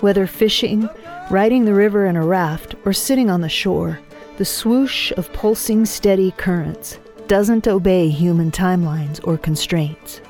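A woman speaking in a calm, reflective way, reading a narration and then answering interview questions. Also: medium pitch, unhurried, soft background music.

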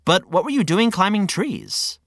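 A woman voicing an excitable young male wallaby with an Australian accent, eager and easily confused. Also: medium pitch, measured pace, no echo, studio quality, pitched above the performer's own voice. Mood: curious.

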